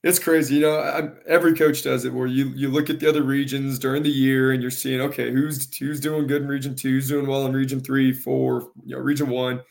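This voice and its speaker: Gravelly man, flat and earnest. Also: medium pitch. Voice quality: gravelly, carrying voice. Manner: earnest, halting, repeats words. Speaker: high school soccer coach. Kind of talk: casual interview.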